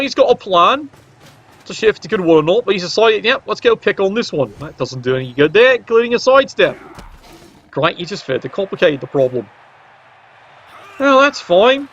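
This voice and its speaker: A man's voice: high voice, sing-song, normal speed, fairly bright tone. A man giving play-by-play commentary on a match, with dry joking asides. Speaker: game commentator. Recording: dull lo-fi recording.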